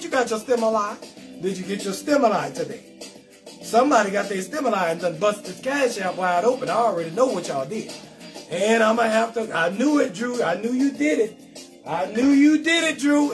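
Male comedian host, very high pitch, brash and profane, AAVE, faint music under him. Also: moderate pace. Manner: brash, profane, animated, talks straight to viewers. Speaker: comedian hosting a live call-in show. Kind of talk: loud comedic live-stream rant.

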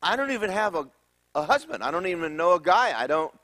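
A preacher putting on a high falsetto to voice a startled teenage girl, Mary, in a sermon. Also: big pitch swings, fast, a bit bright. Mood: flustered.

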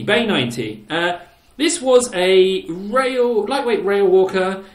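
A man's voice: sits high, slow pace, a bit bright. Giggly gamer man in an echoey room. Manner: giggly, teasing his old builds with playful exclamations. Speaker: gaming channel host. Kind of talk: casual gameplay commentary. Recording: roomy echo.

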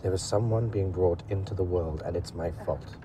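An actor playing a calm, practical working-class man with a Welsh accent, talking on the phone from a moving car. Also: low-pitched, natural voice. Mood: pleading. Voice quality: measured, steady, controlled. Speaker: driver on the phone. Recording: constant car engine hum.

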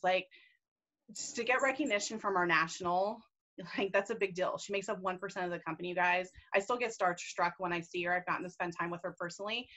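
Bright-voiced, gushing woman on a call. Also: fairly low pitch. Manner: enthusiastic, gushing, casual. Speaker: team leader and mentor. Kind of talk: upbeat team video call. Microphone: video call.

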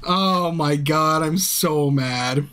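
A drunk man streaming a game, chatting casually, swearing constantly and bursting into yells at the screen. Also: on the high side, drawn-out words, smooth. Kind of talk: casual livestream commentary. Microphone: streaming mic.

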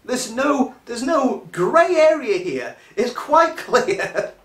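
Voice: mid-range voice, sing-song, takes it slowly, a bit bright, reverberant. A speaker giving a casual, sarcastic and irreverent commentary monologue as a vlogger.

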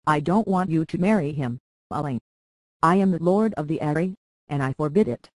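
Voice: mid-range voice, lively intonation, normal speed, dry recording, lightly acted. A reader voicing a petulant boy lord. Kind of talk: audiobook character reading.

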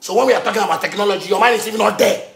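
A man with a Ghanaian accent ranting on a live stream, animated and breaking into shouts as he mixes pidgin with local words. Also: high-pitched, very fast, gravelly, reverberant. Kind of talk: heated live-stream rant.

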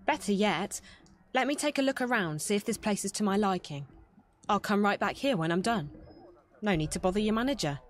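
An actress playing a calm, quick-witted young woman who speaks politely but firmly in video game dialogue. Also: mid-range voice, slight background noise, lightly acted. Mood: bluffing. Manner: composed, polite and firm. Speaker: game protagonist.

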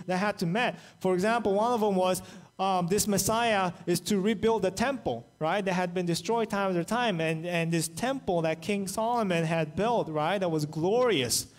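Male pastor, high-pitched, lively storyteller voicing quotes in his sermon. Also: moderate pace. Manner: animated storytelling, acts out quoted voices. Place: church, online service.

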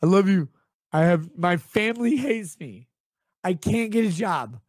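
A man putting on a high, whiny voice to mock a desperate adult man begging for attention. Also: animated, a little slow, darkish tone, no echo, studio quality. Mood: begging, whining. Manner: mocking, pleading, falsetto-high. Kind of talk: mocking impression in a livestream rant.

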